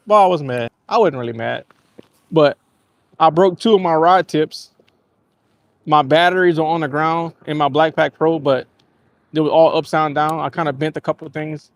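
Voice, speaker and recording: A man with a slightly higher voice rambles casually through a story while fishing from a kayak on a lake. His voice sounds dry and close, with hardly any echo around it. He tells stories in a relaxed way and laughs easily. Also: normal speed. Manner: rambling, laid-back storytelling with easy laughs. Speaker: fishing livestream host. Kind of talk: casual live-stream chat.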